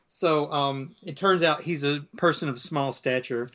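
A man's voice: a little high, measured pace, muffled recording. A man in casual chat, retelling comic book stories and briefly acting out the characters' lines. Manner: animated storyteller acting out voices.

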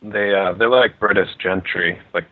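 Over a tinny phone line, a podcast co-host with a low voice summarizes things in a laid-back, self-deprecating casual chat. His tone is steady and his pace moderate.

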